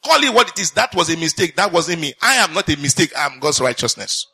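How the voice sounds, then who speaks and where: A man's voice: on the high side, sing-song, quick pace, pushed and bright, slightly rough. A man preaching a sermon, reading scripture aloud, repeating lines for emphasis and putting questions to the congregation.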